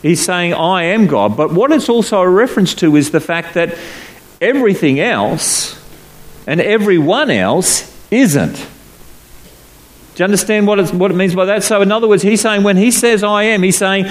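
A man preaching a sermon to a congregation, swinging between low solemn passages and raised, emphatic ones, slowing to stress key phrases. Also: lively intonation. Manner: slows down to stress scripture phrases. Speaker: pastor. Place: church hall before a congregation.

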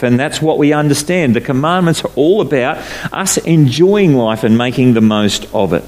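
A man preaching a sermon to a congregation, swinging between low solemn passages and raised, emphatic ones, slowing to stress key phrases. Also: lively intonation, darkish tone. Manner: slows down to stress scripture phrases. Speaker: pastor. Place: church hall before a congregation.

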